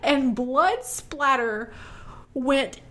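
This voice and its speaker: A woman in her thirties co-hosting a casual chat podcast, telling a story with lively acted-out moments. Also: extremely slow. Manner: animated storyteller, jumps high when acting out scenes. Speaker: podcast co-host.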